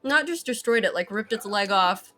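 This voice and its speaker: A woman's voice: mid-range voice, animated, normal speed, fairly bright tone. A woman playing a co-op game on stream, laughing a lot and often unsure where to go next. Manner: giggly, unsure, asks where to go. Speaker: co-op game partner. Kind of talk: casual gameplay chat.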